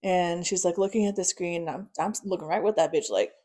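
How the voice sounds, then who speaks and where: A woman's voice: on the low side, a little fast, dark tone. A young woman telling a personal story casually and bluntly, swearing often. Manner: blunt, frequent swearing, nervous laughs. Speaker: guest.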